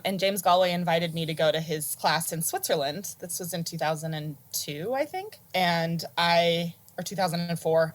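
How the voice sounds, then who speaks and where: American woman guest on a call, low-pitched, animated and giggly storyteller. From United States. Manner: warm, animated, laughs often. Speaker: interview guest, flutist. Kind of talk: casual conversational storytelling. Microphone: video call.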